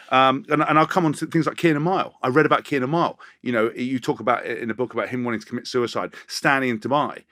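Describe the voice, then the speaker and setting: A man's voice: mid-range voice, fairly bright tone, no echo, clean studio sound. A man hosting a podcast interview, earnest and rambling, often restarting his sentences. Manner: earnest, rambling, self-correcting. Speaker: podcast host. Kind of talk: conversational interview.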